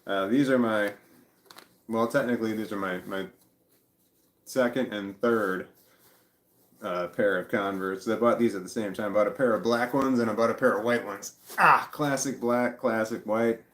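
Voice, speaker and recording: A middle-aged man vlogging in casual chat, rambling and halting, with blunt swearing. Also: lowish voice, fairly even intonation, fairly bright tone, reverberant.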